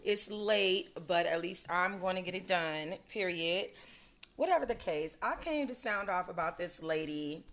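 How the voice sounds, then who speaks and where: Female livestream host, bright forceful voice, slangy and emphatic, casual commentary to a chat. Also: on the low side, expressive, measured pace.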